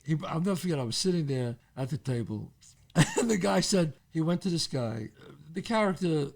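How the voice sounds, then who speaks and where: Older new guy, bit higher voice, jumps all over the place acting out the people in his stories. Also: fairly quick, gravelly. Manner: animated, acts out voices in anecdotes. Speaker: podcast co-host. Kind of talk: casual storytelling chat.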